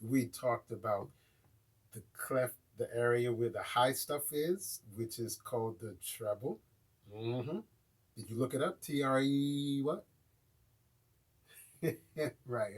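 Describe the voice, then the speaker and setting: Husky American man, slow and easygoing, teaching drums live and checking in with viewers. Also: mid-range voice. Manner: casual, checks in with viewers often. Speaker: drum teacher. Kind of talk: live online music lesson.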